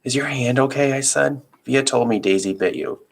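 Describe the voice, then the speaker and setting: A man voicing a frightened young boy in a raised, soft, pleading voice while reading a storybook aloud. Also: mid-range voice, moderate pace, gravelly, pitched above the performer's own voice.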